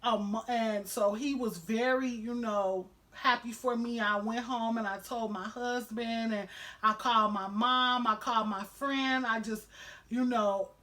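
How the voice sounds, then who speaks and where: A woman's voice: fairly high pitch, steady tone, measured pace, a bit bright. A woman vlogger telling a personal story to camera at home, emotional and candid, with a lot of "you know" fillers.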